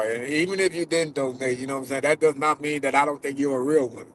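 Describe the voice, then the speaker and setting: A man's voice: mid-range voice, steady tone, fast talker, a little hiss or hum, rough recording. Man fighting back tears while talking. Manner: loose and profane, many fillers. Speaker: vlogger who catches predators. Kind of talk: casual vlog talk to viewers. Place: in a car while driving.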